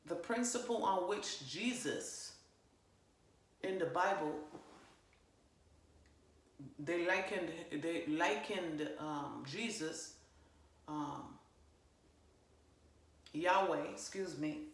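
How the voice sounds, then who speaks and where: A woman giving a casual spiritual monologue, swearing freely and talking with emphatic, animated energy. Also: on the low side, very slow, pauses often. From parents from Jamaica. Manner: profane, animated, emphatic, fillers. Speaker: spiritual channeler vlogger. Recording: roomy echo.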